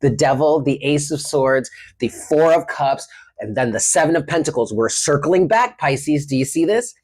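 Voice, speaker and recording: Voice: medium pitch, animated, moderate pace, darkish tone. A tarot reader giving a casual reading, affectionate and slangy, calling the listener honey and baby. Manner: chatty with frequent laughs.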